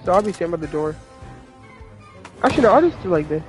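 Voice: mid-range voice, very animated, quick pace. Chatty gamer over game music. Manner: chatty, repeats warnings to teammates. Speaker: gamer in a squad. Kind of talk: casual gaming chat.

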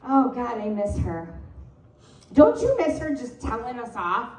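A middle-aged woman pastor delivering a sermon, her slightly high voice leaping up and down as she tells playful stories. She is recorded from some distance in a roomy, echoing church. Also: measured pace. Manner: animated, playful storytelling with laughter. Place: church sanctuary.

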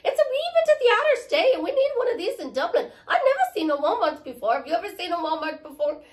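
A woman voicing a giddy shopper in a deliberately poor, exaggerated Irish accent, talking fast and playfully. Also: sing-song, echoey room, far from the mic. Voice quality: poor put-on Irish accent, high and bouncy.

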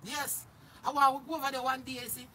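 A Jamaican man ranting on a livestream in a high, bright, sharp voice. He curses hard and keeps breaking into shouts. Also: flat delivery, a little fast, a little hiss or hum. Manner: loud, cursing, often shouting. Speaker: social media personality. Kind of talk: angry livestream rant.

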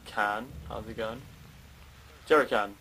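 A man's voice: on the low side, fairly even intonation, slow pace, sharp tone, slight background noise. A young man commentating a horror game as he plays it, jumpy, swearing and talking to himself and the game. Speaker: gaming channel host.

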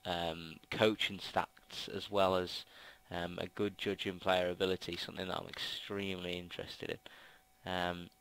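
A man's voice: sits low, little pitch movement, a little slow, a bit bright, clean tone, dry recording, low-quality recording. A young man with a Brummie accent giving casual game commentary into a headset mic, rambling with lots of ums and restarts. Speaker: gaming commentator. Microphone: gaming headset mic.

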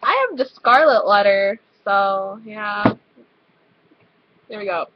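A woman's voice: medium pitch, expressive, slow. A teenage girl chatting casually with a friend, giggly and offhand as she reads out a word list. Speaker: vlogger. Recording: dull lo-fi webcam audio.

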